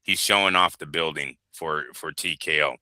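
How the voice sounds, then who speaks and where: A man hosting a boxing show, talking in a casual, animated and profane way and rambling from point to point. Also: rumbling low, moderate pace, no room sound. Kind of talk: casual chat.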